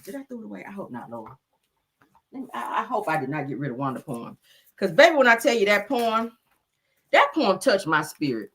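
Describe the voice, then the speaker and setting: With a husky, fairly bright voice on the low side, a woman hosts a celebrity gossip show as a sassy, casual comedic monologue. She is melodramatic, invoking the Lord and Jesus, and keeps calling her listeners child, honey and girl.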